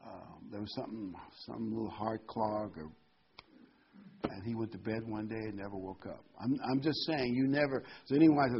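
A man preaching a sermon, reading scripture aloud and shifting between loud emphatic points and quiet asides. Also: lowish voice, lively intonation, normal speed, a little hiss or hum. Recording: dull lo-fi recording.

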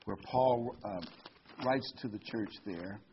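A man's voice: on the low side, slow, dull audio, a little hiss or hum. A man preaching a sermon, earnest and emphatic, reading scripture aloud and stressing key words.

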